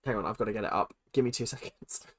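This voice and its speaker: A woman's voice: extremely low pitch, fast, a bit bright. A young British woman hosting a live stream awards show, chatting casually with viewers and reacting dramatically. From United Kingdom.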